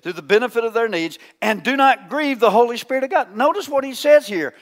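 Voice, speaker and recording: A male pastor preaching a folksy, teasing sermon, swinging between loud calls and hushed asides. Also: very high-pitched, animated, a little fast, big-room sound.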